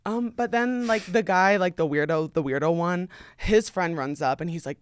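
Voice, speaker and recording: A young woman from the New York tri-state area hosting a podcast, telling a story with dramatic, loud quoted lines and a steady stream of "like". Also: fairly low pitch, moderate pace, clean tone, dry recording, clean studio sound. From US tri-state area around New York. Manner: dramatic retelling with loud acted-out quotes, frequent "like". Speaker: podcast host. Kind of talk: casual chat, animated storytelling.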